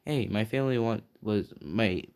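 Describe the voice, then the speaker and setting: A man voicing a young male demon king who speaks quietly and coldly. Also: on the low side, normal speed, creaky, clean tone. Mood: friendly.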